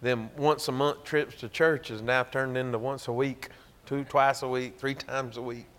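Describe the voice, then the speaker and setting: In a church, a pastor with a Georgia Southern accent delivers a sermon, spinning a folksy, emphatic story. He speaks at a moderate pace in a mid-range voice that's a bit bright, though his delivery is flat.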